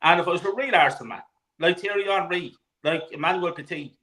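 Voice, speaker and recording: Irish man, high and bright voice, animated football host, swears freely, on a video call. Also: fast talker, low-quality recording. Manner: animated, swears freely, laughs mid-story. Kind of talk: casual chat, storytelling.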